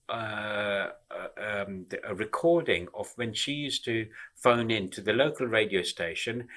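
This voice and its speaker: A man's voice: mid-range voice, a bit bright. A man giving an explanatory lecture, working through ideas step by step with frequent fillers and restarts. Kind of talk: explanatory talk.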